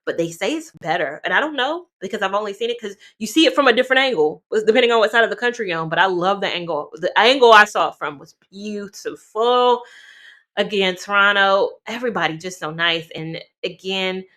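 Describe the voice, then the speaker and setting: A woman from North Carolina chatting casually to camera as a travel vlogger, animated and talking straight to her viewers. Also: mid-range voice, a little fast. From North Carolina, USA.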